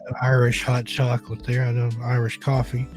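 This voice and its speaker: A man's voice: medium pitch, monotone, fairly quick, darkish tone. Man, show host, scratchy throat, easygoing, rambling, faint music behind. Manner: easygoing, joking, rambling with restarts. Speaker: podcast host. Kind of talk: casual live-stream chat.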